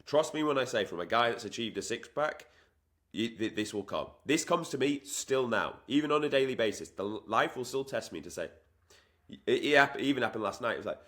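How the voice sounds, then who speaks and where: A man's voice: mid-range voice, lively intonation, fairly quick, a bit bright. A man coaching on fitness in an emphatic, repetitive way, acting out the voices in people's heads. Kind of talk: motivational talk to camera.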